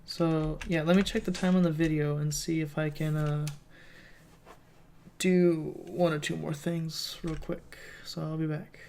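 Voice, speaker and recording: A man talks through his game in a loose, rambling let's play commentary, thinking out loud as he goes. His voice sits flat with little rise and fall, and a gravelly fry runs under it. Faint noise hums behind him at the desk mic. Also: a little high, unhurried. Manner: rambling, thinking aloud as he plays. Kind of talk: casual gameplay commentary.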